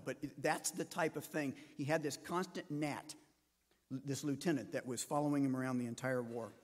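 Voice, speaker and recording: A man's voice: fairly high pitch, long reverb tail. A man, a pastor, preaching a sermon and telling a story, acting out the voices of the people in it. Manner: storytelling, acts out quoted voices.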